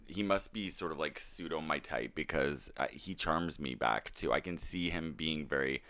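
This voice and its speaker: A man's voice: a bass voice, moderate pace, sharp tone. A man in casual chat with friends, talking loosely with lots of fillers and asides. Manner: chatty, hedging with fillers. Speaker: co-host.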